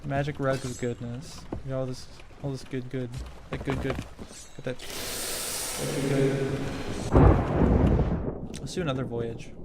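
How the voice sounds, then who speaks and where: Slow, mumbling young man gaming. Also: flat delivery, heavy background noise. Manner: profane, mumbling, low-energy. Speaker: gamer. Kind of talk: casual gameplay commentary. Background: game music.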